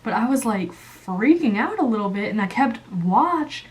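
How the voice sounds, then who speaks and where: Chatty woman telling a lively story. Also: normal speed, hardly any pauses, a little hiss or hum. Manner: animated, acts out quotes with jumps in pitch; chatty, many fillers and asides. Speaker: channel host. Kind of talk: casual storytelling while coloring.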